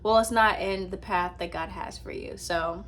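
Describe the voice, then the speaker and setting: A young woman vlogging casually from her apartment at night, telling a rambling, animated story to her laptop with many fillers. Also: fairly low pitch, moderate pace, a little hiss or hum. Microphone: laptop with ring light.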